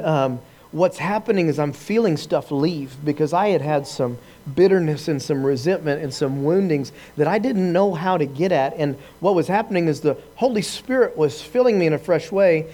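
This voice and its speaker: A man preaching a lively testimony, telling his story with laughs and acted-out quotes to a live audience. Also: fairly high pitch. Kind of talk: sermon testimony.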